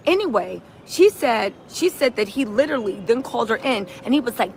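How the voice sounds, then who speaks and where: Lively high-pitched woman streamer. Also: moderate pace, hardly any pauses, a little hiss or hum. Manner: animated storytelling with voiced quotes; punctuates with "right?". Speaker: streamer host. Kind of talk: reaction livestream recap.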